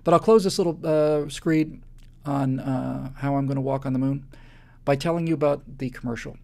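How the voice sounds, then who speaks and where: A man's voice: mid-range voice, steady tone, moderate pace, creaky, dark tone. A man hosting a live show, delivering an impassioned monologue that builds into emphatic repetitions.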